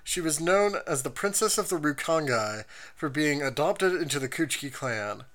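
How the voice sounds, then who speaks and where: In a mid-range voice at a moderate pace, a podcast host casually goes over anime episodes, reading episode summaries and viewer comments while describing scenes. The manner stays lively and expressive throughout.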